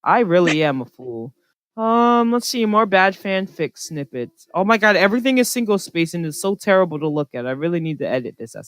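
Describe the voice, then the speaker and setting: A woman's voice: lowish voice, very animated, fairly quick, dry recording. Twenties woman, Jersey accent, casual podcast host on a voice call, blunt and self-mocking, dry close sound. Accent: New Jersey. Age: 20s. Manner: blunt, sarcastic, laughing at herself. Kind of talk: casual chat. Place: online voice chat from home.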